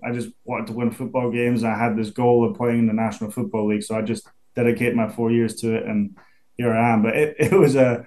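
A man in his twenties with a Scottish accent, a pro football punter chatting in an interview, relaxed and quick to laugh. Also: mid-range voice. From Scotland. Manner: laid-back, chatty, laughs easily, many restarts. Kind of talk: casual interview.

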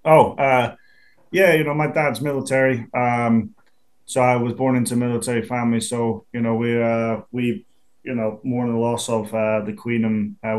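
A man's voice: medium pitch, a little mellow. A man in his twenties with a Scottish accent, a football punter talking casually as an interview guest and often restarting his sentences. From Scotland. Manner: easygoing, restarts a lot, chuckles.

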